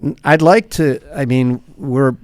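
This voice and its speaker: The director of a nonprofit coffeehouse, interviewed on a podcast, vividly acts out the people in the stories he tells. He has a mid-range voice and a measured pace, and the recording is dry.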